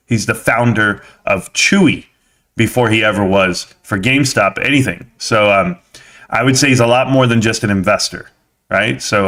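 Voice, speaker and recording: A male live-stream host with a mid-range voice, chatting casually and with energy about stocks. He keeps turning to address his viewers directly, in a loose, conversational run of talk. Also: mid-range voice. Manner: energetic, talks straight to viewers as "guys".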